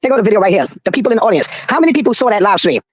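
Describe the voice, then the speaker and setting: A man hosting a livestream and arguing hard with his guest, swearing as he rallies the viewers. His voice is husky and he talks very quickly. The recording is dry and close. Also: high voice, very animated, dry recording. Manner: forceful, profane, addresses the audience. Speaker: channel host. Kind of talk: heated argument on a livestream.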